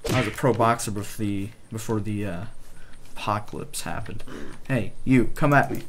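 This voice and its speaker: A young man giving casual gameplay commentary, excitable, swearing mildly and sometimes dropping to a whisper. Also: fairly low pitch, normal speed, slight background noise.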